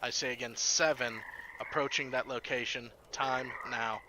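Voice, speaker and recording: A man's voice: medium pitch, steady tone, moderate pace, noisy background. A man narrating as game master of a tabletop game, hesitant, with many fillers.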